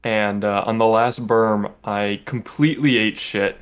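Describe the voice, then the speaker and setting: A young man co-hosting a podcast, recounting a trip in a relaxed, matter-of-fact way. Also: on the low side, measured pace, clear, resonant tone. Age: young adult. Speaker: podcast co-host. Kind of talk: casual chat.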